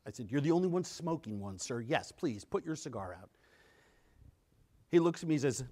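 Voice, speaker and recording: Animated man telling a story. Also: mid-range voice, brisk, long pauses. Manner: animated storyteller, acts out quotes. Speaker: conference speaker. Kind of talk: storytelling talk on stage.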